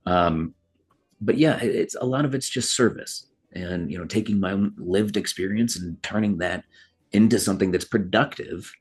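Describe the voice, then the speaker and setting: A man's voice: fairly low pitch, normal speed, husky. A man from Chicago, a guest actor giving thoughtful, hesitant interview answers. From Chicago, USA. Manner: thoughtful, searching, frequent hesitations.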